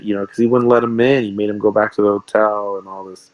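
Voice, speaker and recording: Man, rambling storyteller, lowish voice, dry close sound. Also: flat delivery, fast, no room sound, muffled recording. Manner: rambling, repeats himself. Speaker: guest, sports card shop owner. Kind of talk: casual interview storytelling.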